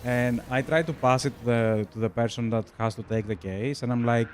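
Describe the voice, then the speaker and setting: A man's voice: medium pitch, fairly even intonation, brisk, hardly any pauses, a little hiss or hum. A young man from Greece with a Greek accent, streaming a strategy game and chatting casually with viewers, laughing often. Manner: chatty, laughs often, addresses chat as "bro". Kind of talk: casual chat while gaming.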